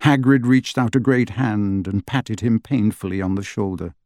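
A man reading an audiobook with steady storytelling narration. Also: on the low side, moderate pace, hardly any pauses, no echo, studio quality. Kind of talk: scripted narration.

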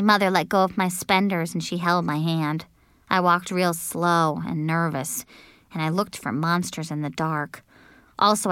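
A woman reading a children's book aloud as a childlike, expressive first-person narrator. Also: lowish voice, smooth, dry recording, clean studio sound. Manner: bouncy, childlike and expressive, with shrieks. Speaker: audiobook narrator.

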